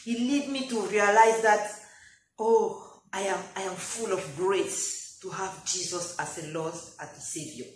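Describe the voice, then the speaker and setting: A woman who is not a native English speaker preaches a sermon while she has a cold, repeating phrases and building to loud, pleading calls. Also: mid-range voice, unhurried. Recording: echoey room, faint background noise.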